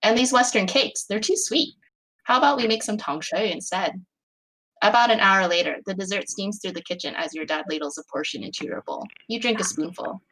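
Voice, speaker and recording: A woman reads her fan fiction aloud to friends on a call, in a casual, chatty way with fillers and quick laughs. The sound is plain, from a home computer mic. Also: mid-range voice, a bit bright, poor audio. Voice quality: chatty, many fillers, laughs between phrases. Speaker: fanfic author reading her story.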